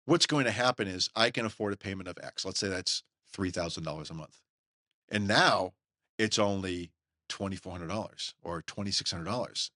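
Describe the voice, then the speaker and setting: A middle-aged man hosting a podcast, talking in an emphatic, folksy, opinionated way and mimicking others in quick asides. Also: sits low, sharp tone, no echo, studio quality. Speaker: podcast host. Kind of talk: opinionated solo podcast talk.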